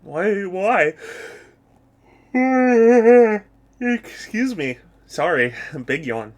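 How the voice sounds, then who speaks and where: A man with a high, light voice chats playfully as he opens a game stream, greeting viewers by name and laughing easily. He talks at an unhurried, easygoing pace. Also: expressive. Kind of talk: casual live-stream chat.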